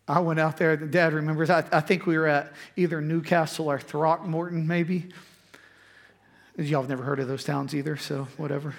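A man's voice: on the high side, fairly even intonation, moderate pace, creaky. A man preaching, telling a personal story in a conversational way before turning to scripture. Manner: conversational storytelling, frequent restarts. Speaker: pastor.

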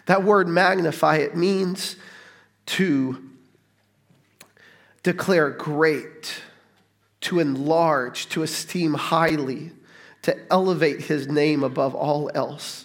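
A middle-aged pastor delivers a sermon to his congregation. His voice sits a little high and his delivery is slow and deliberate. He stays casual and jokey, then rises into excited emphasis. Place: church in front of a congregation.

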